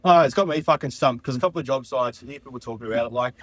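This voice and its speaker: A man's voice: mid-range voice, racing, few pauses, fairly bright tone, no room sound. A man calling in to a podcast, ranting and swearing about a workplace gripe. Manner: ranting, sweary, puzzled complaint. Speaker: caller.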